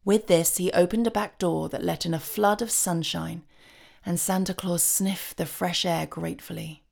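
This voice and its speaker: Low gravelly woman narrating a storybook. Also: steady tone, normal speed, darkish tone.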